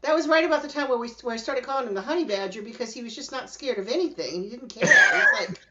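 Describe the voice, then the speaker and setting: A woman tells a story as a podcast host, lively and chatty. She acts out what people said in shifting voices. Her voice sits a little high, and the recording sounds muffled and lo-fi. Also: fast, very noisy. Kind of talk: casual storytelling chat. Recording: dull lo-fi sound.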